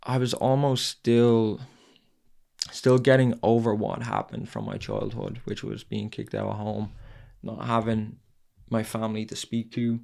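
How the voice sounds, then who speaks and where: A man hosts his own podcast and tells a personal story in a fairly low voice with a gravelly, fry-heavy edge. He is candid and unpolished. He swears freely and circles back on his own words as he talks. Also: big pitch swings, measured pace, darkish tone. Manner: raw and candid, swears, repeats phrases. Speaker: podcast host.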